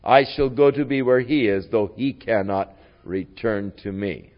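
A man preaching a sermon in a slow, deliberate way, his voice rising and falling widely in pitch and loudness. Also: highs cut off.

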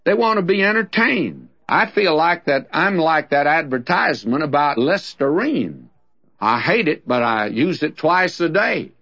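A man gives a radio Bible teaching in a folksy, plainspoken way, as if chatting with friends. His voice sits a little high for a man. The recording is dull and lo-fi, like an old broadcast. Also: big pitch swings, measured pace, fairly bright tone.

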